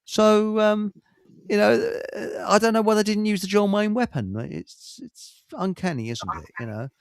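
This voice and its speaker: A man's voice: high-pitched, normal speed, gravelly, smooth, no room sound, studio quality. An older man hosting a casual talk show, chatty and amused. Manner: chatty, laughs at his own jokes. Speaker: host.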